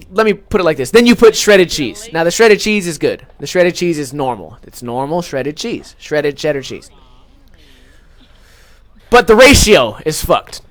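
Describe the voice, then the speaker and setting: A young podcast host from Las Vegas rants comically about food, profane and exaggerated, with lots of fillers. His voice is high and a bit bright, with no echo, in this casual comedic rant.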